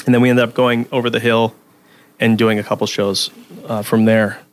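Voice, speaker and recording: A man's voice: fairly low pitch, flat delivery, moderate pace. Rambling man telling podcast stories. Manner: rambling, many restarts and fillers. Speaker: podcast guest. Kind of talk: casual chat, storytelling.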